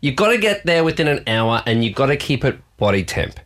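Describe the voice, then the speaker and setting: Animated Australian man telling a story. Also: medium pitch, brisk, noisy background. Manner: animated, self-deprecating, acts out dialogue. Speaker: radio co-host. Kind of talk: casual chat, storytelling.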